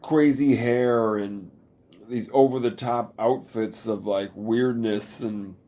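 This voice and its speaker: A middle-aged man chatting casually as a podcast co-host, swearing a lot and talking in animated bursts. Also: slow. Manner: profane, animated, bursts into high falsetto singing. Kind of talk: casual chat.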